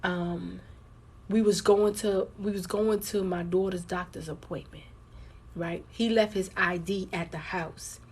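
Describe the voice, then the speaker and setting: Livestream host: a husky-voiced woman telling her viewers a personal story, candid and conversational. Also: lowish voice, fairly even intonation, a little slow. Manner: candid, conversational, addresses viewers as girl and y'all.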